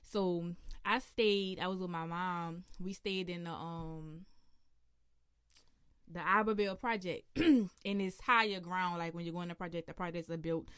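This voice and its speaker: A young adult woman with a New Orleans accent, answering interview questions in a relaxed, casual way with local slang and frequent laughs. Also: on the low side, unhurried, clear, resonant tone, no echo, studio quality. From New Orleans, USA. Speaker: interview guest.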